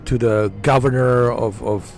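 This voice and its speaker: A man's voice: mid-range voice, steady tone, a little slow, a little mellow, faint music behind. Enthusiastic slangy male gaming streamer. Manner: enthusiastic, repetitive, slangy ("man", "dude"). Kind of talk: casual chat over gameplay.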